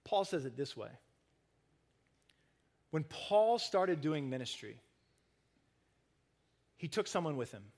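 A man preaching a sermon, earnest, rising to emphatic stresses and then dropping soft and low. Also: sing-song, takes it slowly, long pauses. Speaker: pastor.

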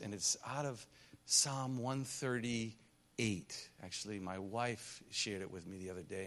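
A missionary pastor speaking to a congregation on a church stage, telling stories and acting out the voices of the people in them. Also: male voice, fairly low pitch. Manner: animated storytelling, acts out quoted voices. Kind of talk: sermon testimony to a congregation. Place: church stage under lights.

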